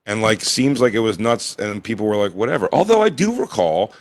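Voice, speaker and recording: A man's voice: fairly low pitch, animated, a little fast, dry recording, studio quality. A man in his forties, co-hosting a comedy podcast with crude, laid-back banter. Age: 40s. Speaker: podcast co-host. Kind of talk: casual comedy podcast chat.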